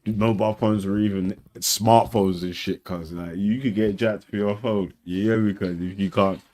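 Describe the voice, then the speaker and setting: A man's voice: fairly even intonation, moderate pace, a little mellow. Slangy man reacting to clips. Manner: slangy, laughing, mocks others in a high voice. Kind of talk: casual reaction commentary.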